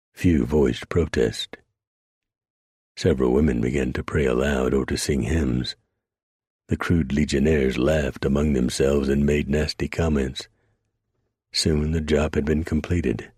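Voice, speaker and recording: A man narrates a story in a measured, dramatic audiobook reading. His voice sits extremely low with a husky edge. The recording is dry and close. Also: a little mellow, no echo.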